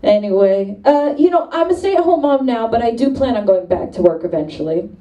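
A woman in her thirties doing a stand-up comedy set, animated and chatty about motherhood life with quick asides. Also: fairly high pitch, recorded from a distance, dull audio. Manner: animated, puts on voices for quoted exchanges. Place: comedy club stage.

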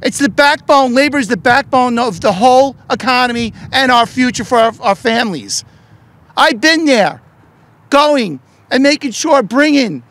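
Fired-up middle-aged man shouting a speech. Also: very high voice, dry recording. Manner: shouting, fervent, repetitive rhetorical questions. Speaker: politician and union leader at a press event. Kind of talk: impassioned political speech.

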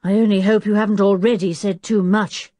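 A woman voicing a responsible, bossy older teenage boy who speaks in a brisk, commanding and scolding way. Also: mid-range voice, steady tone, warm tone, no echo, studio quality, voice pushed up, lightly acted. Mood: stern.

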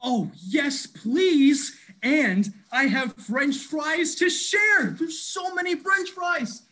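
A man playing an excitable big brother in an interactive children's musical, cheering on and coaching the kids as he talks to them. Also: extremely high pitch, extremely slow, heavily acted, low-quality recording. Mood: playful. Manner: bubbly, encouraging, talks straight to the kids. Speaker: stage performer leading children. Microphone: video call.

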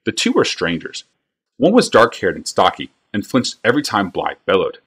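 Low, husky man reading a novel aloud. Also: huge pitch swings, moderate pace, fairly bright tone. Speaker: reader.

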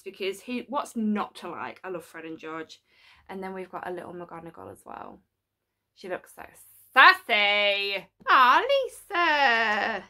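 A woman filming a casual home unboxing vlog, gushing and excitable, sometimes dropping to a whisper. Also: mid-range voice. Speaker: unboxing vlogger. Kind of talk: casual chat to camera. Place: home studio.

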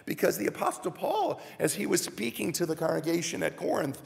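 A man's voice: sits high, sing-song, brisk, creaky. A man preaching a sermon as minister, speaking earnestly and addressing the congregation directly, recorded in a church sanctuary. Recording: reverberant church live stream.

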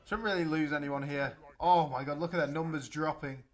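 A young man giving excitable, chatty commentary while playing a strategy game. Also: a little high, fairly quick. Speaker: let's play gamer. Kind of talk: gameplay commentary.

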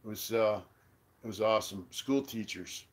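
A middle-aged man hosting a casual live-stream chat, telling a profane story and loudly acting out what others said. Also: on the low side, moderate pace, breathy edge. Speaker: channel host.

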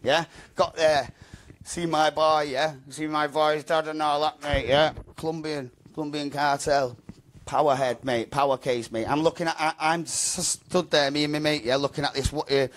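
A man's voice: a little high, fairly even intonation, normal speed. A man telling his story in an interview, rambling and slangy, with a habit of repeating himself. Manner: rambling, slangy, repeats "mate" and "do you know what I mean". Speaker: interview guest.

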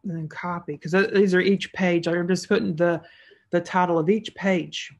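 A woman's voice: lowish voice, steady tone, moderate pace, a little mellow. A woman narrating a screen-recorded tutorial as an online seller, casual and thinking aloud as she clicks through each step.

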